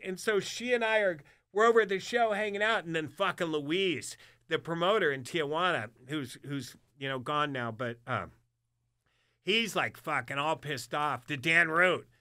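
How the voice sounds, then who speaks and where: A man's voice: sits high, normal speed, bright, forceful tone, no echo, studio quality. An older man telling a wild story in casual chat, profane and laughing through it. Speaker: guest storyteller.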